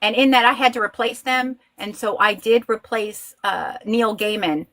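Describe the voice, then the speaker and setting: A woman guest in a casual chat, a lively storyteller who acts out quoted voices. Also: fairly high pitch, normal speed.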